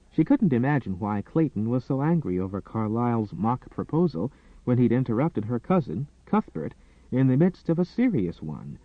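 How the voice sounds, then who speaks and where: Man, audiobook narrator, expressive and dramatic, lively pitch, dry tinny recording. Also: no room sound. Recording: dry, tinny phone-like sound.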